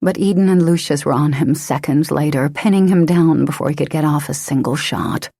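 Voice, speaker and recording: A woman narrating an action-romance audiobook in a steady, dramatic manner. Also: deep voice, brisk, vocal fry, breathy edge, no room sound, studio quality. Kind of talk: scripted narration.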